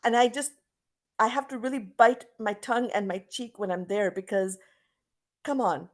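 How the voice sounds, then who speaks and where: A woman's voice: fairly high pitch, moderate pace. A middle-aged woman from Canada teaching an online English class over a video call, explaining with example sentences and frequent restarts.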